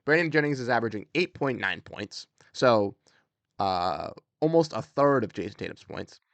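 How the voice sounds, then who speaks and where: A man's voice: medium pitch, lively intonation, normal speed, creaky, fairly bright tone, dry recording. A young man hosting casual sports commentary, fired-up and repetitive, with many fillers.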